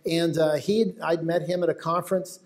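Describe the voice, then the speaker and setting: A man's voice: fairly high pitch, fairly even intonation, normal speed, darkish tone. Chatty American man telling stories. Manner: storytelling, chatty asides to the crowd. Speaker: wildlife photographer giving a talk. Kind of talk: lecture to an audience. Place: auditorium with live audience.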